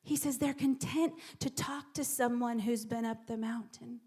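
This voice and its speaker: Woman preacher, high-pitched, delivering a church sermon; stammers into repeats, drops to whispers for emphasis. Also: fairly even intonation, moderate pace, a little mellow, husky.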